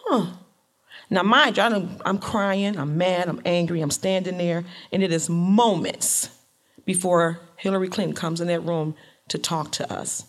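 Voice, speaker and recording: A middle-aged woman from Detroit telling a personal story to an audience in a lively, colloquial way. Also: lowish voice, normal speed.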